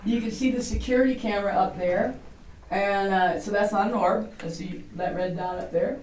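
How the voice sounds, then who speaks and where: A woman's voice: mid-range voice, normal speed, darkish tone, slight background noise. A woman giving a guided tour, a chatty, jokey storyteller who talks a lot. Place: inside an old historic building. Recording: roomy, distant camera mic.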